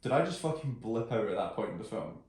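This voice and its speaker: A man's voice: fairly low pitch, sing-song, fast, a little mellow. Hesitant man in a very echoey room. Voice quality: hesitant, meandering questions. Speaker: podcast co-host. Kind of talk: casual film review chat. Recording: very echoey, distant from the mic.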